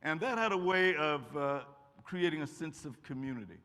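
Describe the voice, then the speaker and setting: An older man with a bright, ringing voice tells stories to students in a folksy, joking way. He sits a bit above the usual pitch for a man. The sound carries the long echo of a large hall. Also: lively intonation, moderate pace. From Kentucky. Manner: folksy, warm humor, acts out quotes. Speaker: guest speaker. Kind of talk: lively storytelling talk to students. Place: college auditorium. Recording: echoey hall.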